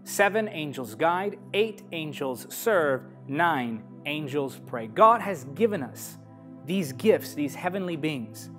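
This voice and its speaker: A man preaching a sermon, reading scripture emphatically and swinging between loud declarations and softer lines. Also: on the high side, expressive, slow, faint music behind. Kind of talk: sermon teaching.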